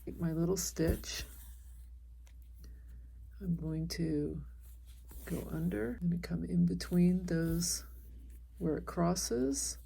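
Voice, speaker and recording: A woman teaching an embroidery stitch step by step, talking calmly as she works by hand. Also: on the low side, takes it slowly, vocal fry, pauses often, husky. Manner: calm, explains while stitching by hand. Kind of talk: step-by-step craft tutorial.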